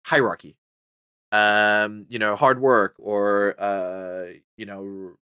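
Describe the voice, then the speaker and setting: A man's voice: takes it slowly, clean tone, no echo, studio quality. A man being interviewed about his book, talking casually and animatedly with lots of fillers. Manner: animated, chatty, full of fillers and pitch jumps. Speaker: podcast guest, book author.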